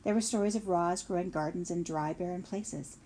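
A woman narrating a children's novel in a steady storytelling manner. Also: lowish voice, brisk, a little hiss or hum. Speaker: audiobook narrator. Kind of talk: scripted narration.

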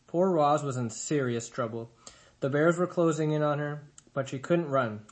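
Guy reading a kids' novel out loud, steady and expressive. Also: on the high side, normal speed. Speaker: reader. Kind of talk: reading a children's novel aloud.

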